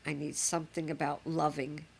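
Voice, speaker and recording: A woman's voice: sits low, flat delivery, moderate pace, creaky, a little hiss or hum. An older woman, a grandmother reminiscing fondly in a chatty, rambling way. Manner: chatty, fond, rambling with fillers. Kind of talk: reminiscing home recording.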